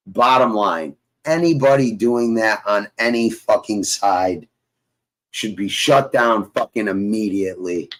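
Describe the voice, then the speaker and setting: A man talking in loud, swaggering, profane casual banter, laughing often and cursing constantly. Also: lowish voice, rough recording. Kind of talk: profane casual banter on a live audio chat.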